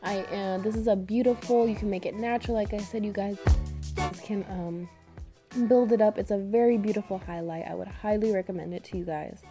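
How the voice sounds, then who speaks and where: A young woman talks viewers through a makeup look, chatty and upbeat, calling them beauties and girl. Her voice is mellow and slightly rough from a recent illness, with faint music playing underneath. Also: medium pitch, fairly even intonation, a little fast. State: getting over an illness, voice a bit harsh. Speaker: beauty vlogger. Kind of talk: makeup tutorial voice-over.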